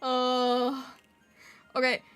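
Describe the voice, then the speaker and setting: High, bright giggly woman streamer. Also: completely flat delivery, very slow, soft background music. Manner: giggly, chatty, reading chat aloud; squeaky when yelling or laughing. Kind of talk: casual live-stream chat.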